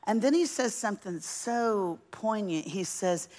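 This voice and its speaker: Woman, sermon, lower voice, animated and folksy, quizzes the congregation. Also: measured pace, hardly any pauses. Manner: animated, folksy, asks the audience. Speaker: Bible teacher.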